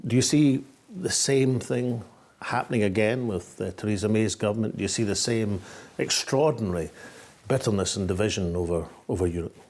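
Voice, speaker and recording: An older man with a Scottish accent, hosting a political interview and asking probing, measured questions. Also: on the low side, darkish tone. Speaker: host.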